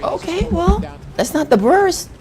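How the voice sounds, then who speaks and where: Excitable, profane male streamer. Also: very high-pitched, measured pace. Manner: excitable, profane, repeats himself, yells at plays. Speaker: streamer co-watching a fighting game tournament. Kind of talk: live stream reaction chat.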